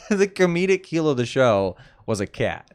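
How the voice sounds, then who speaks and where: A man's voice: mid-range voice, sing-song, unhurried, no echo, clean studio sound. A young man rambling casually, telling a story with lots of fillers and self-mocking jokes. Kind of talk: casual chat.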